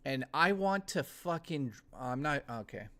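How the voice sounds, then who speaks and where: A young adult man chatting casually on a live stream, ranting with lots of swearing and quick laughs. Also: a little high, expressive, fairly bright tone. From Canada.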